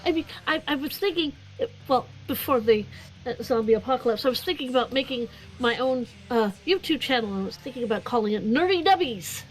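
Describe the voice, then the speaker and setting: A woman voicing a bubbly, cheerful young baker, halting and full of fillers. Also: high voice, animated, slight background noise, low-quality recording. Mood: eager. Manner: hesitant, halting with many fillers.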